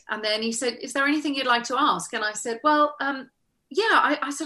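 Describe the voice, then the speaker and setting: A middle-aged woman chats as an interview guest, recalling her acting work. Her voice sits slightly high and rings bright and forceful. She tells her stories in an animated way, slipping into the voices of the people she remembers. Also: brisk. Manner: animated, laughing storyteller who acts out remembered lines. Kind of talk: casual interview storytelling.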